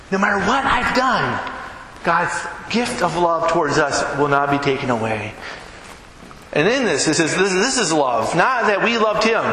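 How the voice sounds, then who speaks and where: A pastor with a fairly high voice and big swings in pitch preaches a little slowly, telling a story in a conversational way and acting out both sides of the dialogue. The recording comes from an echoey hall with background noise.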